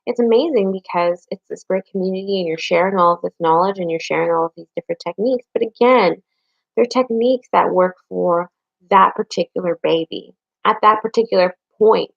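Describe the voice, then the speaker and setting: A woman's voice: on the low side, brisk, vocal fry, dry recording, dull audio. A young adult woman and parent giving frank, chatty advice straight to her viewers. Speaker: vlogger and parent. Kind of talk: casual chat to camera.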